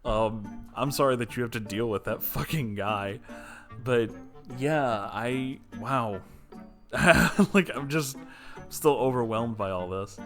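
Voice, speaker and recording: A man's voice: mid-range voice, slow pace, a bit bright, soft background music. A man hosting a story channel, reading a submitted story and then chatting casually, emotional and swearing freely. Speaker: story reader and channel host.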